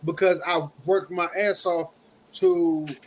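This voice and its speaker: A father co-hosting a casual group discussion, speaking haltingly with frequent restarts. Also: high-pitched, steady tone, slight background noise. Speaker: podcast co-host.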